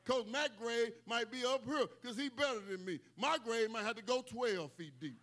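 Male preacher, high ringing voice, emphatic sermon delivery with casual humor. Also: normal speed. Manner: emphatic, repetitive call-outs, bursts of shouting.

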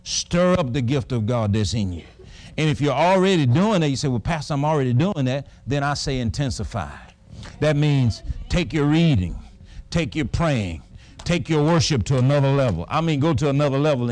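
A man preaching a sermon as a pastor, with a dramatic storytelling manner that breaks into shouted exclamations. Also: medium pitch, animated, brisk.

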